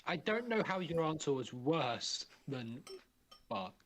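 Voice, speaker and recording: A man's voice: a little high, very animated, fairly bright tone, a little hiss or hum. A British man teasing the other players dryly in a casual chat during a live tabletop game. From Britain. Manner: teasing, dry, quick with jokes.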